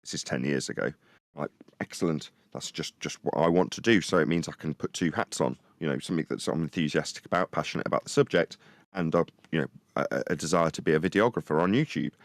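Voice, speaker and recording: Male co-host, very low voice, dry close sound, rambling and animated. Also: fast talker, no room sound. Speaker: podcast co-host. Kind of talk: casual live-stream discussion.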